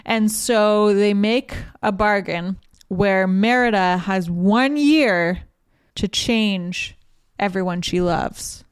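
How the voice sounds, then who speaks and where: Smooth-voiced woman retelling a story. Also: mid-range voice, no echo, clean studio sound. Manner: retells the plot with quick quoted lines for each character. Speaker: podcast co-host summarizing a book. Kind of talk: casual chat.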